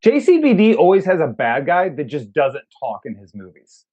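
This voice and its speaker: A man's voice: on the high side, huge pitch swings, moderate pace, mellow, highs cut off, a faint crowd. A man co-hosting a casual movie review chat, ranting jokingly and swearing a lot. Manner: profane, joking rants. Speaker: co-host film reviewer.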